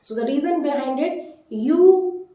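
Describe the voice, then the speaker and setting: A woman teaching a vocabulary lesson, repeating each word slowly and deliberately. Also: high voice, expressive, dark tone. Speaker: French teacher. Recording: very echoey room.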